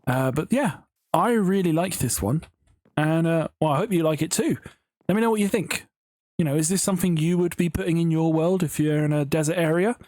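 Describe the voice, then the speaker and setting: Guy rambling over his game build, kinda high voice, dry close mic, giggly. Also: a little fast, darkish tone, no echo. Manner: chatty, rambling, giggly storytelling. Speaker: Minecraft building YouTuber. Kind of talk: casual gameplay commentary.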